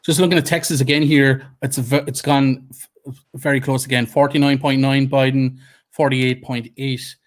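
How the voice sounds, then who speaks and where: A man hosting live election-night commentary, reading out vote figures in a measured way with fillers. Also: medium pitch, level tone. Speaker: host.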